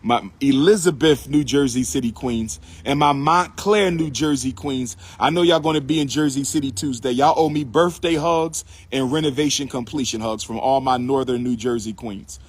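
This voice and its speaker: A livestream host and lecturer talks at normal speed in a husky, mid-range voice, barely pausing. He lectures his audience in a preachy, repetitive manner and keeps calling on them to answer.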